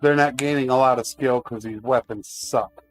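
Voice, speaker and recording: A man's voice: mid-range voice, fairly even intonation, normal speed, soft background music. A man streaming a video game live, chatting casually to his viewers while he plays. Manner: chatty, talks to chat while playing.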